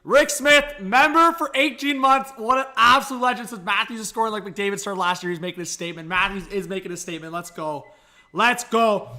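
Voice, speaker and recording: A man doing excitable live reaction commentary on a hockey game as a stream host, talking straight to his chat. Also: high-pitched, brisk, few pauses. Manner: excitable, hyped, addresses the chat directly.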